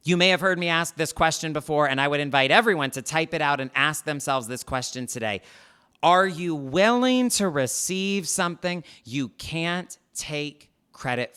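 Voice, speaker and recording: A man giving an online sermon, slow and emphatic, repeating his key phrases. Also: on the high side, sharp tone, clean tone. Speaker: preacher and faith teacher.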